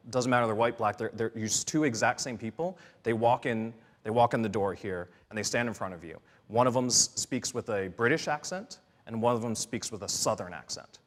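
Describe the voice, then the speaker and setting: A man speaking as a panelist in an earnest, searching way, with many fillers, restarts and "right?" tags. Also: lowish voice. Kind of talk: panel discussion talk. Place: church hall. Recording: long hall reverb.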